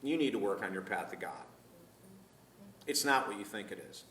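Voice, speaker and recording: Stern older male priest voiced by a man telling the story, curt and to the point, with a bright edge, recorded in a roomy space. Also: fairly low pitch, expressive, normal speed, recorded from a distance, slight background noise, pitched below the performer's own voice. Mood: earnest. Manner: curt, commanding.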